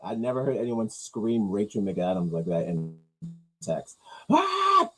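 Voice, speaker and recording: A man hosting a casual talk, rambling through movie news with crude jokes and mumbled low asides. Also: normal speed, mellow, low-quality recording. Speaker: host reacting to movie news. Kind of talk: casual chat.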